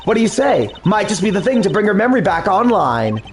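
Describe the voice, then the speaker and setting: A man's voice: high-pitched, sing-song, fairly quick, faint music behind. A man doing a chirpy young science girl. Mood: eager. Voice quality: eager, chirpy. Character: excitable young female science enthusiast. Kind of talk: fan dub of a video game.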